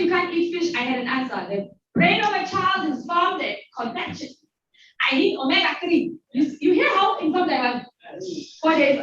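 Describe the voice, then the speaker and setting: A woman in her forties from South Africa, hosting a talk and telling a personal story to a live audience, lively and playful. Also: high voice, slight background noise. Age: 40s. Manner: animated, playful, acts out voices of others. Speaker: host. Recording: very echoey hall from far off, dull sound.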